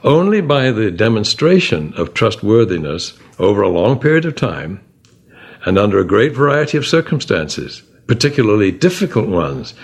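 A man leading a Bible study class, talking in an animated way and asking the group many rhetorical questions. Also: lowish voice, breathy edge. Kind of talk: discussion-led Bible class.

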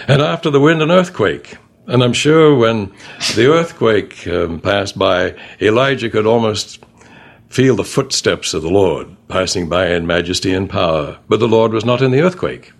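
A man's voice: medium pitch, vocal fry. A man teaching a Bible study class, reading scripture aloud with expression and putting questions to the group.

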